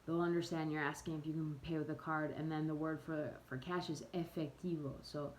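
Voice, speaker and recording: Chatty woman with a lowish voice. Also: fairly even intonation, a little fast, darkish tone, low-quality recording. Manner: chatty, self-correcting, amused asides. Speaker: travel vlogger teaching phrases. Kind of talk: casual spoken lesson to camera.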